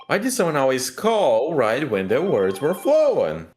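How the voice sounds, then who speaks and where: A man's voice: medium pitch, huge pitch swings, measured pace, a little mellow. Guy reading out a story game, easygoing, voice goes up and down a lot. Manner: easygoing, jokey asides. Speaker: game reader and narrator. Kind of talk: casual game read-along narration.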